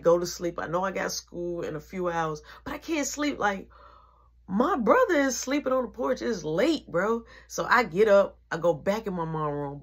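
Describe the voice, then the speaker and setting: A teenage woman telling a casual storytime, slangy and animated, with whispered asides. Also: mid-range voice, slightly rough.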